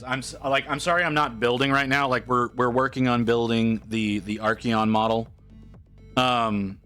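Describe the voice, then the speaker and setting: Rambling man with a bright voice. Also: mid-range voice. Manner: rambling, animated retelling with quoted voices. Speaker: streamer. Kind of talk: casual storytelling to stream chat.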